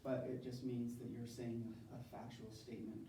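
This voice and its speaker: A man's voice: mid-range voice, level tone, moderate pace, noisy background. A man teaching a university Spanish class, drilling verb conjugations with his students in a call-and-response lecture. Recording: echoey classroom from far off.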